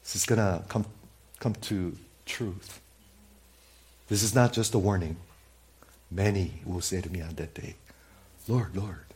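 A male pastor preaching a sermon, swinging from loud emphatic exclamations to hushed near-whispers, repeating lines and calling for amens. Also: sits low, unhurried, long pauses. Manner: repetitive, emphatic, calls for amen.

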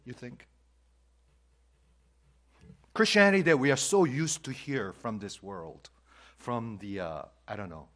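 An older man who first spoke preaches a sermon with a lively, swinging delivery. He drops to hushed near-whispers, then climbs to loud, forceful peaks. He keeps turning to the congregation with questions. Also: mid-range voice, breathy edge. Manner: asks the congregation repeated questions. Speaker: pastor.

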